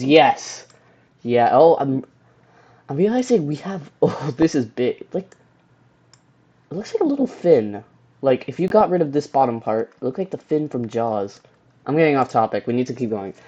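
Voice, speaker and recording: Excitable young man, gaming commentary, mellow voice, dull lo-fi home mic. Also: mid-range voice, normal speed. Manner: excitable, laughs and cheers while reading game text aloud. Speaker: gaming YouTuber. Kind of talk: let's play commentary.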